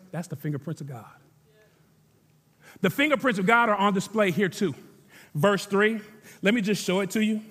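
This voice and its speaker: High-voiced pastor preaching in a reverberant hall. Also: male voice, a bit bright. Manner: conversational preaching with emphatic repetition. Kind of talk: sermon.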